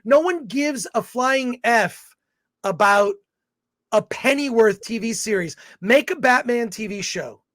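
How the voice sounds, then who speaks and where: A man's voice: very high-pitched, expressive, unhurried, a bit bright, no room sound, studio quality. A man co-hosting a casual film review chat, opinionated and blunt, rambling through his thoughts.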